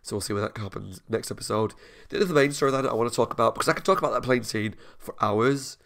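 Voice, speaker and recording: A man's voice: medium pitch, quick pace, gravelly, a bit bright. A man talking casually and openly about his feelings as he reviews a TV episode, often poking fun at himself. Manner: chatty, openly emotional, self-deprecating. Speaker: reaction video host.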